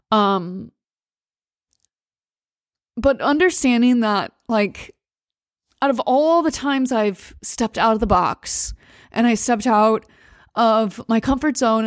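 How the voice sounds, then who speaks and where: A woman's voice: medium pitch, no room sound. Emotional American woman, dry close sound. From United States. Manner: emotional, halting, many fillers and restarts. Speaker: podcast host. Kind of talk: personal monologue.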